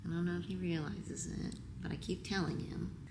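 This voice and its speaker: A low-pitched woman speaks to camera in a roomy, echoing space with steady background noise. She is tearful and halting, her voice sometimes sinking to a whisper. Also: gravelly. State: crying. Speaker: vlogger. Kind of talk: emotional on-camera talk.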